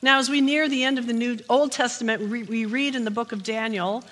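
Woman pastor, sermon, fairly high bright voice, long church reverb. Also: fairly quick, hardly any pauses. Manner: opens with jokes, then steady teaching. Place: church sanctuary.

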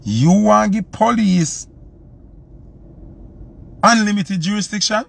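A man's voice: high-pitched, slow, vocal fry. A man from Jamaica with a Jamaican accent, hosting a live stream and ranting heatedly, repeating his points for emphasis. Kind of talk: live-stream commentary rant.

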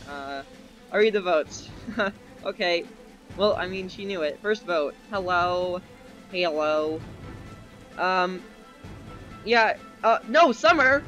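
A man giving excitable live commentary while playing an online game, with a desk microphone. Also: sits high, lo-fi sound. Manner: excitable, quick reactions and exclamations. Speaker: gamer. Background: faint game music.

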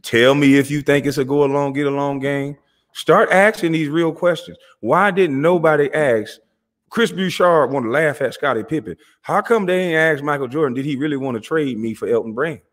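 At normal speed and a fairly high pitch, a male channel host goes on a heated, confrontational street-slang monologue. He taunts his listeners, repeating himself as he calls them out.

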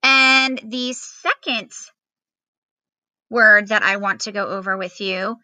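Woman teacher, bright sharp voice, slow patient dictation, dry close sound. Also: medium pitch, no echo, rough recording. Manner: patient, spells and repeats words slowly with fillers. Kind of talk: recorded remote phonics lesson.

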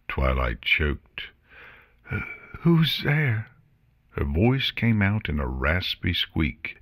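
A male audiobook narrator with a very low voice, reading in a measured, somber way. His pace is unhurried, and the recording is close and dry. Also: a bit bright, no room sound. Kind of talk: audiobook reading of fan fiction.

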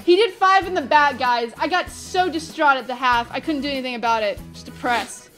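Female guest gamer, high voice, salty trash talk, light music underneath. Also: brisk, fairly bright tone. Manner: frustrated, swearing trash talk. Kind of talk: casual gaming banter.

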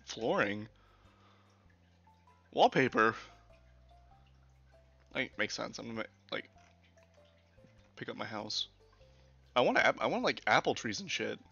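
A man streams a let's play, chatting and joking with his chat and swearing casually. His lowish voice is animated yet slow, gravelly and breathy-edged, bright and forceful, with long pauses. An older desk mic gives dull lo-fi sound, with faint game music behind.

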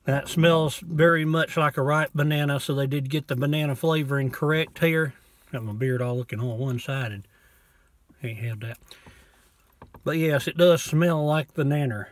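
A man casually reviewing a bottle of rum from inside his parked truck, talking in a folksy, low-key way and cussing now and then. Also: moderate pace, no room sound. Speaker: vlogger reviewing liquor.

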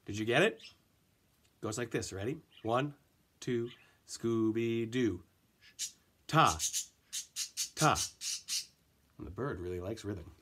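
A man's voice: lowish voice, a little slow, long pauses. A man teaching an elementary music class, counting in and chanting rhythm syllables for the children to clap along.

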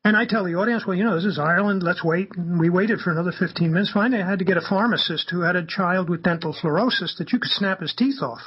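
High-voiced husky man telling a story. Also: fast talker, hardly any pauses, muffled recording. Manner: animated, acts out quoted dialogue. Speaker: guest, campaigner. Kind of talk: anecdotal storytelling on a radio talk show.

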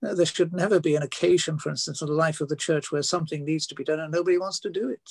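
A man's voice: on the high side, steady tone, racing, gravelly, a little mellow, husky, no echo. An older man preaching a sermon, telling homely stories with frequent fillers and restarts. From Wales.

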